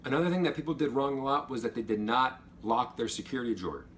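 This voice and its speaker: Young man, casual advice vlog, animated storytelling, mid-pitched voice, faint background noise. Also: fast talker. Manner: animated, acts out drill instructors' yells. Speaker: vlogger, former Air Force trainee.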